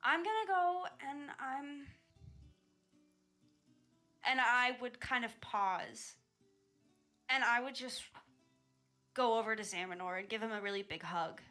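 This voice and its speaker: A woman playing a tabletop game describes her character's actions in an animated way. Her voice is high and bright, and faint music plays behind her. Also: unhurried, pauses often. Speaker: player. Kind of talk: tabletop role-play chat.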